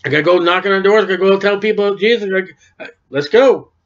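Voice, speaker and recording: A man's voice: high-pitched, fast talker, lo-fi sound. A man preaching an informal sermon in a conversational way, acting out bits of dialogue as he goes. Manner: conversational, acts out dialogue in quoted voices.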